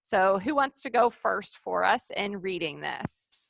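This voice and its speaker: A woman's voice: medium pitch, lively intonation, measured pace, creaky, a bit bright, no room sound. A woman leading a live online training session over a video call, upbeat and coaxing the participants.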